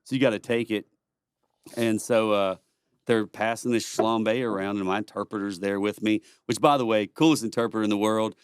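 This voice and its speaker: Guy, middle-aged, low voice, profane, chuckly storyteller, dry studio sound. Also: steady tone, brisk, smooth, no room sound. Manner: rambling, laughs a lot, profane. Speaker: podcast guest, former Marine. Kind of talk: casual storytelling chat.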